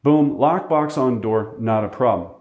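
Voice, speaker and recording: A man's voice: medium pitch, unhurried, narrow, tinny audio. A man working as a real estate agent tells a story to teach a lesson, chatting casually and often checking in with "right?". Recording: roomy echo.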